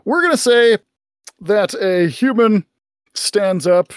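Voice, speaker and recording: A man narrating as game master of a tabletop game, relaxed and improvising. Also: high-pitched, slow pace, clear, resonant tone, no echo, studio quality.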